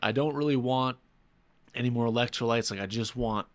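A man telling a story in casual podcast chat, animated, often acting out what he said. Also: mid-range voice, fairly quick, dry recording. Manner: animated storytelling, acts out his own quotes. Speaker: ultramarathon runner recounting his race.

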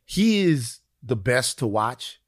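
A man's voice: mid-range voice, big pitch swings, takes it slowly, no echo, clean studio sound. A man co-hosting a podcast in casual chat, rambling and joking, repeating phrases for laughs. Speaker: podcast co-host.

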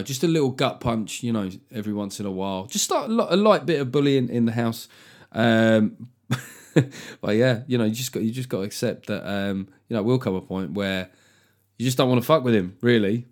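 A man's voice: medium pitch, animated, normal speed, a little mellow. A middle-aged man hosting his own solo podcast, chatting casually and comically, swearing freely and slipping into voices for a joke. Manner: sweary, jokey, throws in voices for effect. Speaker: podcast host.

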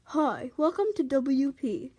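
A woman voicing a robotic virtual assistant aboard a plane, in slow, measured announcements. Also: high-pitched, expressive, dark tone. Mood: announcing.

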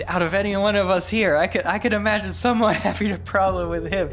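A man's voice: sits high, fairly even intonation, fast, a bit bright, slight background noise, voice pushed up. A man voicing a hesitant church worship leader who hedges his words. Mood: hedging. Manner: hesitant, hedging.

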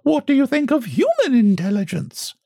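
A man's voice: very high voice, huge pitch swings, normal speed, warm tone, dry recording, clean studio sound, pitched above the performer's own voice, full character voice. A man doing a flustered, silly society woman. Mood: awkward.

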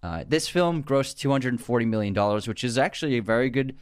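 A man's voice: medium pitch, expressive, fairly quick, clean tone, dry recording, studio quality. A man co-hosting a podcast, chatting casually about films with frequent laughs and restarted sentences. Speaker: podcast co-host. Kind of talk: casual film discussion.

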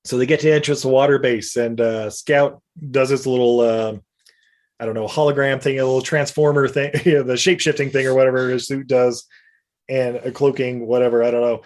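A man's voice: medium pitch, fairly even intonation, fairly quick, darkish tone. A man casually recapping an episode as a podcast co-host, rambling and laughing as he goes. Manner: rambling and laughing, with lots of fillers.

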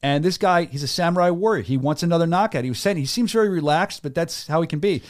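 A man with a Philadelphia area accent hosting a casual combat sports chat, enthusiastic and full of restarts. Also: fairly high pitch. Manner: fast, enthusiastic, lots of restarts. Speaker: show host. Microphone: studio mic.

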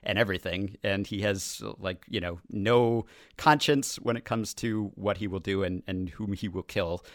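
A man's voice: on the low side, normal speed, dry recording, studio quality. A man co-hosting a podcast, talking through a TV episode in casual chat with joking asides. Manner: animated, joking asides with laughs. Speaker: podcast co-host.

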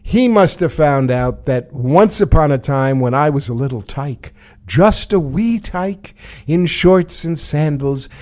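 A man's voice: a little high, expressive, slow pace, a little mellow. A man from New York, a former congressman, trading wry political commentary and stories in a casual chat. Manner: wry, sardonic storytelling. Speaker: show host, former congressman.

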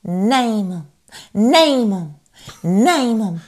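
A woman's voice: mid-range voice, big pitch swings, extremely slow, a little mellow, exaggerated voice. A woman impersonating a snippy Southern society woman with a put-on Southern accent, repeating herself insistently. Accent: put-on Southern American. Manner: clipped, insistent repetition.

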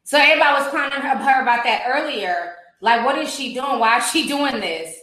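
A woman riffs on a viral clip for her channel, gossipy and animated, breaking into laughs and swearing freely. Her voice is high and bright. The room behind her is very echoey. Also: a little fast. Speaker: commentary vlogger. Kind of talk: casual commentary chat.

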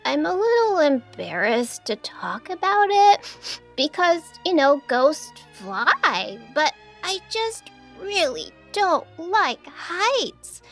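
A woman's voice: very high voice, big pitch swings, slow, a bit bright, faint music behind, full character voice. A woman voicing a small, shy female ghost with allergies in a children's audio story, talking in a timid, hesitant way. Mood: embarrassed. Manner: timid, hesitant, easily embarrassed.

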